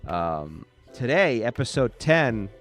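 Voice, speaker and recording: A man's voice: medium pitch, sing-song, takes it slowly, soft background music. A sleepy man hosting a rambling late-night solo podcast from a small home studio, drifting off topic and ranting at himself. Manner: scattered, self-deprecating ranting. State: tired and sleepy. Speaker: podcast host.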